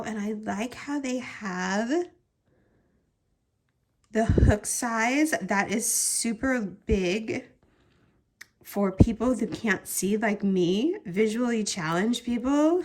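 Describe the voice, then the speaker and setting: A woman crochet vlogger chatting through an excited unboxing, gushing and repeating her words for emphasis. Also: medium pitch.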